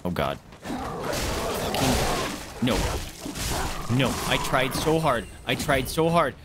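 A man's voice: mid-range voice, normal speed, very noisy. A man streaming a video game, chatting with viewers and yelping and swearing as he plays. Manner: excitable, yelps and swears at the game. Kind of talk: casual gameplay commentary.

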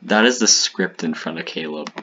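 A man's voice: sits low, moderate pace, lo-fi sound. A young man casually commenting on his old videos, chatty and laughing, rambling through explanations with lots of fillers. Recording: noisy recording.

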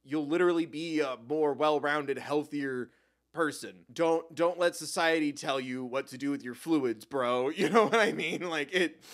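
A man's voice: fairly high pitch, fairly bright tone. Emotional, swearing young man reacting. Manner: emotional, swears often, laughs between words. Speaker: reaction video host. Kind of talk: casual reaction commentary.

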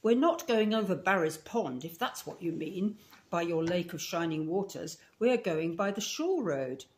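A woman's voice: fairly low pitch, lively intonation, measured pace, slight background noise. Scottish woman reading a stern no-nonsense older lady, blunt and dry. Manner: curt, blunt, matter-of-fact.

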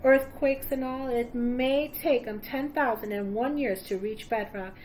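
A woman reading aloud, voicing a good-humored old male gold miner with a rough, folksy frontier drawl. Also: on the high side, unhurried, a little mellow, slight background noise, natural voice.

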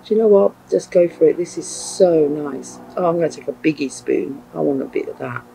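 A man's voice: on the high side, a little fast, vocal fry, noisy background. A man reviewing chilli pickles in a vlog, gushing and effusive with repeated exclamations. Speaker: food reviewer. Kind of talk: enthusiastic product review vlog.

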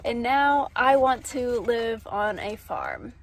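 A woman's voice: a little high, very animated, slow pace, vocal fry, background noise. A young woman chatting casually in her vlog, bubbly and cooing at her pets. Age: young adult. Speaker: vlogger.

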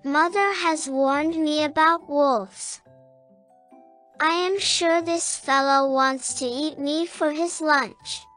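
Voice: high voice, pushed and bright, full character voice. A woman doing a meek little lamb. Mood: worried. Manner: meek, polite. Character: meek clever young lamb.

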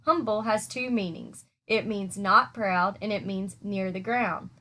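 A wise, kindly female spider with a calm, soothing way of speaking, as a woman reading a storybook aloud puts her on. She sounds tired but reassuring. The pitch is a woman's middle register. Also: measured pace. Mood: gentle.

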